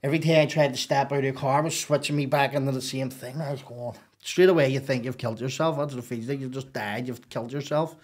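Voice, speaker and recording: Man, podcast guest, mid-pitched voice, animated and profane, rambling storytelling. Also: fast, hardly any pauses. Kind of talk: casual storytelling.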